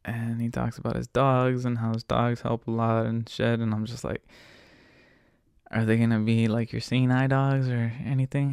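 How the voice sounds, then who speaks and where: Man, gravelly, casual storytelling, profane, laid-back, dry close sound. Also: mid-range voice, darkish tone, dry recording. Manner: profane, laid-back, laughs while retelling. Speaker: podcast host.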